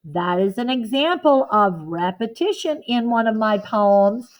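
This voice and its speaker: A woman's voice: fairly high pitch, lively intonation, rough recording. A woman teacher giving a patient classroom lesson to children, counting out beats and checking in with the class. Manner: slow, patient and encouraging, counting beats aloud.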